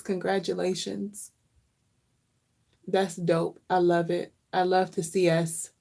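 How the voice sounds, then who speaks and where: In a casual, earnest chat, a woman vlogger speaks in a fairly low, slightly mellow voice. She's reflective and wears her emotions openly, often repeating phrases to stress a point.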